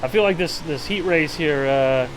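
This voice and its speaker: Midwestern guy live-streaming a racing game, rambly, jokey about himself, kinda high voice. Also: normal speed, slight background noise. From American Midwest. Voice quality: rambling and self-mocking. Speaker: streamer playing a racing sim. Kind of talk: casual live-stream chat.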